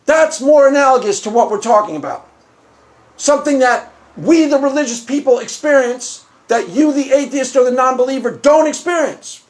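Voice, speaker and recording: A man hosting his own video, arguing a point in an animated monologue and acting out bits of dialogue. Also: extremely high pitch, normal speed. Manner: animated, acts out quoted dialogue. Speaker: video host. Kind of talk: argumentative monologue.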